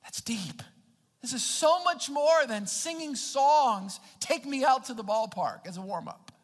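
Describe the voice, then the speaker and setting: High-pitched guy pastor preaching, keeps repeating himself, echoey church hall sound. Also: animated, unhurried. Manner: emphatic, repeats words and restarts phrases. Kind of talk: sermon.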